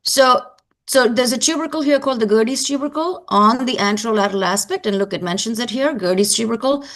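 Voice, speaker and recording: A woman's voice: a little high, fairly quick, fairly bright tone. A woman teaching an anatomy lecture to students, explaining step by step and repeating key points for emphasis.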